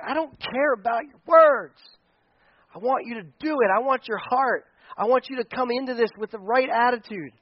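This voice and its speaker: A man with a high voice delivers a sermon as a pastor, talking casually and with energy. He acts out prayers and excuses in quick little voices. The sound is dry and a bit dull. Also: no room sound. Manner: energetic, conversational preaching with acted-out quotes.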